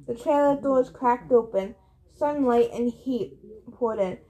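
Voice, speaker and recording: A woman reading a novel aloud in steady first-person narration. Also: a little high, takes it slowly, low-quality recording. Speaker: audiobook reader.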